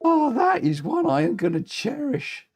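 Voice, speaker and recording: A man commentating a racing game live, excitable, cheering drivers on and breaking into shrieks of laughter. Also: very high-pitched, a little slow. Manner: cheers drivers on with repeated phrases.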